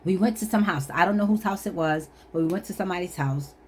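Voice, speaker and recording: A woman vlogger telling a personal story in an animated, emphatic way, often laughing at herself. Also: lowish voice, fast talker, slight background noise. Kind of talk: storytelling testimony.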